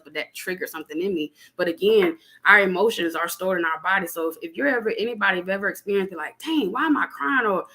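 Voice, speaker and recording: A young adult woman in casual spiritual chat on a podcast, animated and preachy, talking plainly with lots of fillers. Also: fairly low pitch. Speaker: podcast guest.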